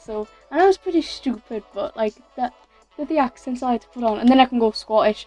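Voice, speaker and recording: A woman's voice: a little high, brisk, darkish tone, soft background music. A teenage girl from England, chatting through a casual Q&A vlog in a rambling way, with lots of fillers and self-corrections. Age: teens. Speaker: YouTuber.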